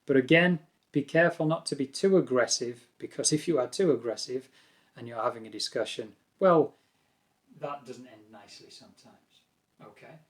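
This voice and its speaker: A British man teaching an English lesson, calm and patient, explaining phrases and acting out examples. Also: mid-range voice. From Britain.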